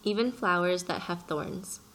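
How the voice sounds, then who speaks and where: A woman's voice: lowish voice, unhurried, a bit bright, poor audio. A woman voicing a busy adult pilot who answers curtly and distractedly in an audiobook reading. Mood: plain. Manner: curt, distracted replies. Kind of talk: audiobook character voice.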